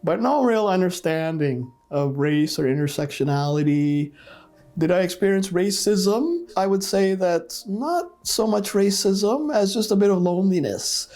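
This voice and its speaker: A man's voice: sits high, lively intonation, unhurried, a little mellow, soft background music. A middle-aged man from Trinidad telling his story in an oral history interview, reflective and laughing wryly at painful memories. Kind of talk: personal storytelling.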